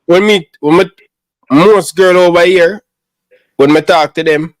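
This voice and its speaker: A young Jamaican man with a fairly high voice tells a rambling story in thick patois, circling back over his own words. The sound is dry and close, with no room around him. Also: unhurried, no echo. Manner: storytelling in patois, repeats himself. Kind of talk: casual chat.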